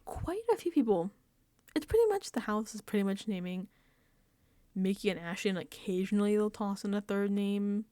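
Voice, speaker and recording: A woman's voice: medium pitch, lively intonation, moderate pace, mellow, dry recording. A woman casually recapping a reality show episode, chatty and laughing often, sometimes dropping into whispered asides. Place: indoors, home setup.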